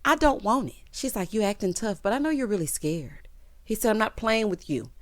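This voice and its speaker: A sassy woman recaps a TV episode in a casual vlog, laughing and acting out each character. Her pitch swings all over, full of life. The sound is dry and close. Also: lively intonation, no room sound. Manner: sassy, playful, quick to laugh, acts out characters' lines. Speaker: TV recap reviewer.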